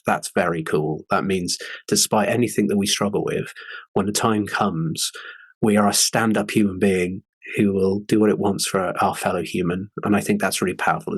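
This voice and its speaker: Podcast host, male, 40s, earnest and open, lowish voice, dead-dry recording. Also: breathy edge, no echo. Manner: earnest, candid storytelling. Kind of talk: casual podcast chat.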